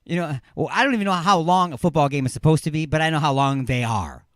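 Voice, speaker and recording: A middle-aged man hosting a call-in radio show from a studio, joking and rambling excitedly. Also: on the high side, fast talker, no echo. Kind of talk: casual call-in radio chat.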